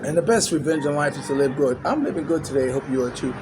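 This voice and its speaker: A man's voice: a little high, fast talker, over loud music. An older man vlogging in a casual, rambling way, chuckling often and leaning heavily on "you know" fillers. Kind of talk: casual vlog commentary. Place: small outdoor hangout spot after tennis.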